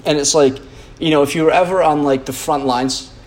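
A man's voice: on the high side, fairly even intonation, brisk. Profane rambling man, casual podcast talk. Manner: rambling, full of fillers and restarts, blunt and profane. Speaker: podcast host.

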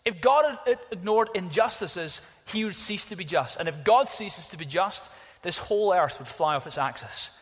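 A man preaching a sermon, emphatic, telling stories in an animated way. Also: high voice, normal speed, hardly any pauses, husky, in a large hall.

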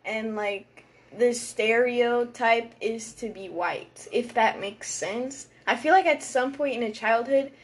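Teenage girl, casual chat, fairly high pitch, filler-heavy, giggly. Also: slow pace. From United States, Uruguayan family.

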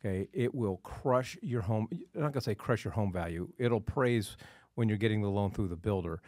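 A man hosting a real estate podcast, telling a story in an animated, emphatic way. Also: on the low side, moderate pace, no echo, clean studio sound. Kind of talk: casual chat.

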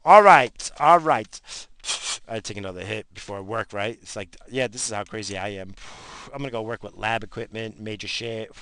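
A man ranting angrily to the camera, swearing constantly and bursting out in animated, profane outbursts. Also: fairly low pitch, moderate pace, clean tone, dry recording. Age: adult with a job and in-laws. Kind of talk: profane comic rant.

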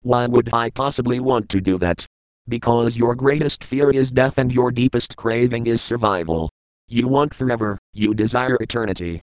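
A man reading the lines of a calm, blunt old male spiritual mentor in an audiobook, firm and patient in a lecturing way. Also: medium pitch, clean tone, no room sound, lightly acted, poor audio.

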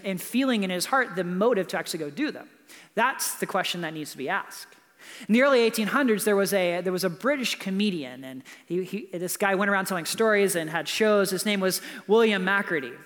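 Pastor, male, high voice, casual preaching style, long church reverb; keeps checking in with "right?". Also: a bit bright. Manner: conversational preaching with frequent "right?" asides. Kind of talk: sermon. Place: church building.

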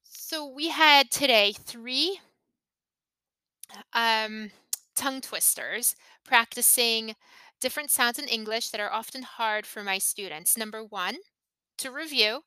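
A woman hosting an English podcast, slowly modeling tongue twisters and intonation for learners to repeat. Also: fairly high pitch, pushed and bright, clear, resonant tone, dry recording. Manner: careful, deliberate modeling of intonation. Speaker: English teacher and podcast host. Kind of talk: slow, clear pronunciation lesson.

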